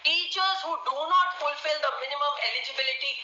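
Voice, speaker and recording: A woman's voice: high-pitched, quick pace, background noise. A woman arguing a case in court, formally addressing the bench. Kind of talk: courtroom legal argument. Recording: echoey lo-fi courtroom audio.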